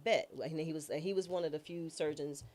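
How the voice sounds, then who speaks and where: A woman's voice: sits low, fairly even intonation, brisk, darkish tone. A woman judge as an interview guest, telling a personal story in a candid, slangy, self-mocking and dramatic way. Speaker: interview guest, judge and former public defender.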